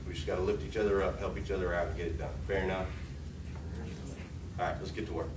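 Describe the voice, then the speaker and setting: Talking fast in a low voice with little pitch movement, a man leads a joking, motivational morning sales meeting for showroom staff at a car dealership. He's far from the mic, so the audio is roomy and off-mic with background noise.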